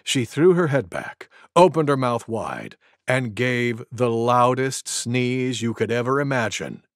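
Storybook reader, male, slow and very expressive, gravelly, dry close mic. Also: mid-range voice, dry recording. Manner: expressive, animated. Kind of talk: read-aloud storytelling for preschoolers.

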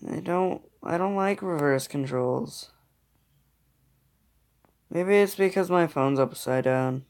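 A man's voice: a little high, slow pace, darkish tone. A tired man muttering gameplay commentary into a phone microphone, grumbling at his opponents. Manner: grumbling at the game, muttering to himself. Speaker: mobile game player.

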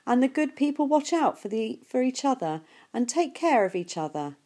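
Gentle, reassuring mother, read by a woman, warm mellow tone. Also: high voice, very animated, moderate pace, voice pushed up.

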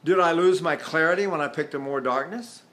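An older man in his seventies teaching vocal technique. His speaking voice sits fairly high for a man. He explains through questions and hands-on examples in a demonstrative way. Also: a little fast, a bit bright.

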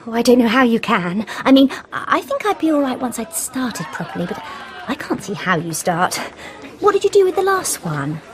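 A flighty, gushing young woman in a radio play, with a high, lively voice over faint background noise. She chatters and stumbles over her words. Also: moderate pace. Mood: chattering. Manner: gushing, scatterbrained, stammering.

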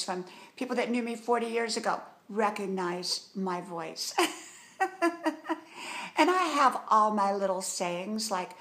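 A woman's voice: medium pitch, fairly bright tone. A middle-aged woman vlogging from home in a casual, encouraging talk to camera. She is chatty and sometimes drops to a whisper.

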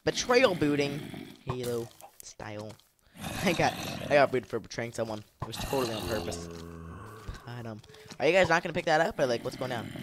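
A man giving casual gameplay commentary, excitable, shouting at the game, laughing often and rambling to himself in between. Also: mid-range voice, brisk, background noise. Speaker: gamer.

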